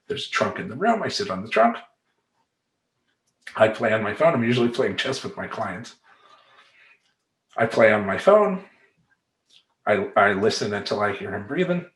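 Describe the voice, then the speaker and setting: A man's voice: on the low side, very animated, measured pace, pauses often, a bit bright. A middle-aged man coaching in a casual, emphatic vlog monologue full of streetwise slang. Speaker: life coach. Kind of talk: talking-head vlog monologue. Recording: roomy echoey room.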